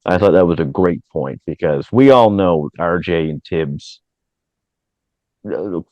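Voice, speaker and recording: Deep-voiced man, dry muffled sound. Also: expressive, dry recording. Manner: measured, matter-of-fact analysis. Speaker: co-host, coach. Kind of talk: casual sports analysis.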